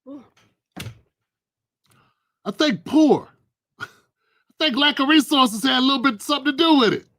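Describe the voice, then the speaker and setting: A man's voice: very high voice, a little slow, pauses often, bright, forceful tone, no echo, studio quality. A middle-aged man hosting a livestream, ranting through political commentary in a blunt, aggressive and profane way. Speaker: livestream host.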